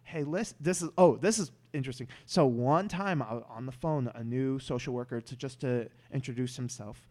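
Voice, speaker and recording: A man's voice: medium pitch, brisk, few pauses, darkish tone. A man talking as a podcast guest in casual chat, rambling with many restarts and stammered words.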